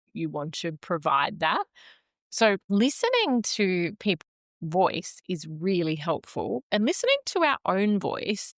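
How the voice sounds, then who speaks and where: A woman guest on a podcast, explaining the nervous system in a calm, measured, teacherly way with frequent "like" and "um". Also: fairly low pitch, no echo, studio quality.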